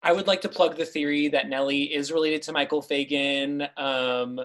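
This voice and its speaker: Woman podcast guest, low-pitched, deadpan joking delivery. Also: normal speed. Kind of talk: casual chat.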